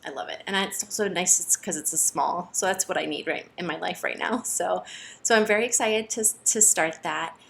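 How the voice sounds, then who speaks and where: A woman chatting casually to camera about her cross-stitch projects, excitable, with many fillers and restarts. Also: on the low side, normal speed, gravelly, slight background noise.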